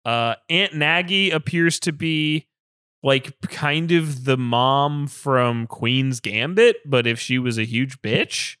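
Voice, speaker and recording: A man's voice: mid-range voice, slow, fairly bright tone, smooth, no room sound, studio quality. A man co-hosting a casual movie review chat, talking in a loose, rambling way with swearing and fillers. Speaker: podcast co-host.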